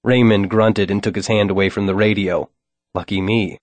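Low-voiced wry first-person narrator. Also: male voice, normal speed, dry recording. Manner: wry, deadpan. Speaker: audiobook narrator.

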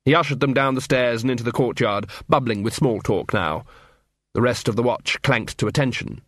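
A man narrating a comic fantasy audiobook in a wry, expressive storytelling manner. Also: mid-range voice, normal speed, no room sound, studio quality.

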